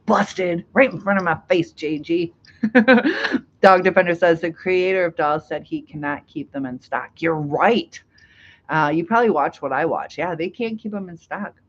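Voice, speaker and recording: A woman's voice: fairly low pitch, normal speed, dull audio. A middle-aged woman hosting a casual live stream, reading out chat comments, chatty with frequent laughs and fillers.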